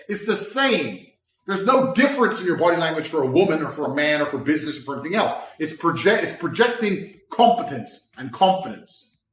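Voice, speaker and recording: A man in his thirties giving a blunt, profane motivational talk, swinging between loud bravado and low calm. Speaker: motivational speaker. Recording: roomy sound from a distant mic.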